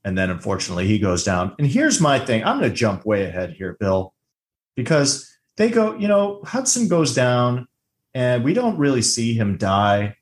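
A man co-hosting a casual movie chat, animated and swearing freely, acting out lines from scenes. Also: medium pitch, moderate pace. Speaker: podcast co-host.

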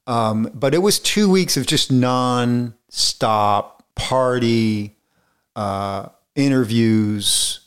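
A man's voice: mid-range voice, drawn-out words, clean tone. Middle-aged man telling rambling stories. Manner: rambling anecdotal storyteller, many restarts. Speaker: film director guest. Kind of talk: casual interview storytelling.

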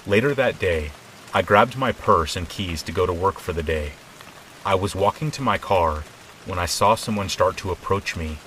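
Deep-voiced man narrating a horror story. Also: normal speed, slight background noise, poor audio. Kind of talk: scripted narration. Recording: soft rain behind.

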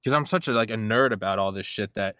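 Rambling, excitable man hosting a podcast. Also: lowish voice, quick pace, no echo, studio quality. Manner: rambling, excitable, heavy use of "like". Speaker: podcast host. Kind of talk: casual interview chat.

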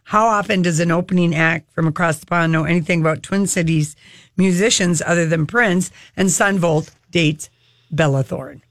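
A woman radio host gushes through celebrity gossip in a quick, chatty way. Her voice is close and completely dry, with no room sound around it. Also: lowish voice, no room sound. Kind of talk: casual entertainment chat.

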